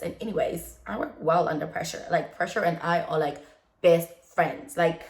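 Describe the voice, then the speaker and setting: A young adult woman vlogging in a casual, chatty way, animated and laughing often, with many fillers. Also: fairly low pitch, moderate pace. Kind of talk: casual chat. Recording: echoey room.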